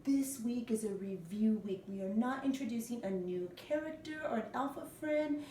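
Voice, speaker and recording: A woman's voice: a little high, lively intonation, moderate pace, mellow, slight background noise. A woman teacher giving a morning lesson to young children, patient and spelling words out letter by letter. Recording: echoey room, mic at a distance.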